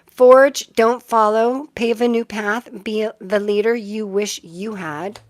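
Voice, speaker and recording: A woman's voice: mid-range voice, fairly even intonation, slow pace. A middle-aged woman hosting a casual live-stream tarot reading, chatty and easily sidetracked, often breaking into giggles.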